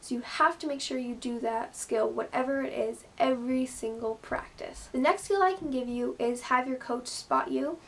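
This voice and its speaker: A woman with a fairly high voice talks casually to her viewers. She rambles in a friendly, chatty way, filling her sentences with "like" and "you know". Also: normal speed, creaky, hardly any pauses. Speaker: gymnast vlogger. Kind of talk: casual advice vlog.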